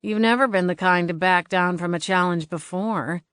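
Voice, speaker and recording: A woman's voice: on the low side, normal speed, a bit bright, clear, resonant tone, dry recording, lightly acted. A woman voicing a sarcastic ghost cat. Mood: wry. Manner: dry sarcastic quips. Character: sardonic male ghost cat, dry and teasing. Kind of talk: audiobook narration.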